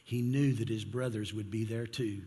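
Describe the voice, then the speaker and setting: A man's voice: on the low side, fairly even intonation, normal speed, warm tone, husky. A male pastor preaching a sermon in an earnest, conversational way. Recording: long hall reverb.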